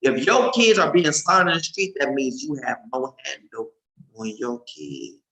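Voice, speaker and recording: A man preaching informally and emphatically, swinging between loud outbursts and low murmurs. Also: very animated, moderate pace. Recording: roomy echo.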